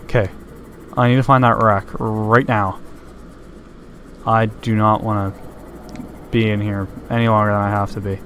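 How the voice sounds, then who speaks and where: A man's voice: on the low side, little pitch movement, moderate pace, pauses often, a bit bright, highs cut off, a little hiss or hum. A man giving let's-play commentary while playing a game, nervous and easily startled, breaking into screams when scared. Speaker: gameplay commentator.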